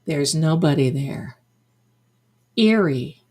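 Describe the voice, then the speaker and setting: With a low, dark-toned voice, lively intonation and a slow delivery, an older woman hosts a psychic livestream as a medium. She's chatty and effusive, heaping endearments like "my darling" on her viewers.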